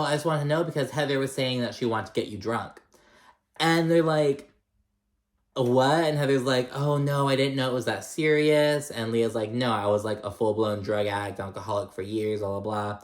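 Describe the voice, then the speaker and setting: A man's voice: medium pitch, reverberant. A man casually recapping a reality show, gossipy and full of fillers, acting out the cast's lines with sass. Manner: gossipy, filler-heavy, mimics cast with sassy quotes.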